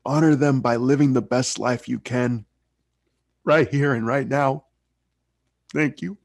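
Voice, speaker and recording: A man's voice: mid-range voice, steady tone, measured pace, creaky, dry recording. A young man giving an earnest, heartfelt personal speech as a Toastmasters speaker.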